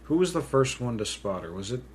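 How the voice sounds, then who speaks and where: A man's voice: mid-range voice, very animated, a little fast, slight background noise. A man co-hosting a podcast in casual chat, retelling movie scenes loosely and swearing freely. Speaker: podcast co-host.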